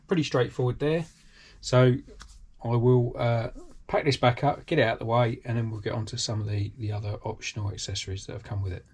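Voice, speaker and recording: A man's voice: mid-range voice, a little mellow, slight background noise. Rambling British man unboxing hobby parts. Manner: rambling, lots of ums and restarts, enthusiastic. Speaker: RC hobby channel host. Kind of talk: casual unboxing commentary. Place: home workshop.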